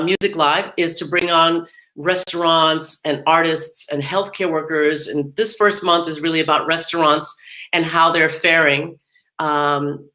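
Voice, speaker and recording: A woman's voice: sits low, pushed and bright. A middle-aged woman hosting a podcast in an upbeat, chatty way, laughing often. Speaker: podcast host. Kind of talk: casual podcast talk.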